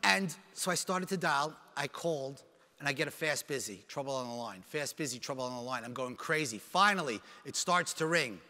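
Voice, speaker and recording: A man giving a keynote speech, telling a dramatic personal story in an animated way and acting out the dialogue. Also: mid-range voice. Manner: animated, acts out dialogue with quick voice changes. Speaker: keynote speaker. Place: large conference hall. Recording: reverberant conference hall sound.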